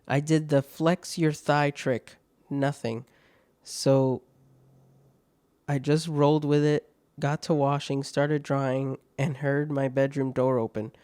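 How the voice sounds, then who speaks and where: A man's voice: mid-range voice, a little mellow, clear, resonant tone, no room sound. A man hosting a podcast, reading online stories aloud with laughing, swearing, mocking asides. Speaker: podcast host.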